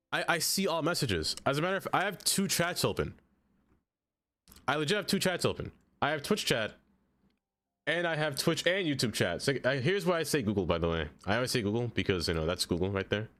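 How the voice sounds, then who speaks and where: A man streaming a game live, chatting casually with his viewers, laughing often and jumping into high excited exclamations. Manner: chatty, laughs often, talks straight to chat.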